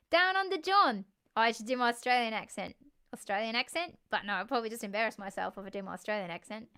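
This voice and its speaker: A young woman, a musician, chatting casually and warmly with her live stream viewers, laughing often and thanking them by name. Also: a little high.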